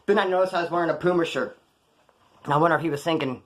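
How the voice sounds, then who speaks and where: A middle-aged man rattles off stories from his past at a rapid clip, in a voice that sits a bit high for a man. He talks in loose street slang and drops into other people's voices when he quotes them, keeping it animated. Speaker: storyteller. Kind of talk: casual storytelling.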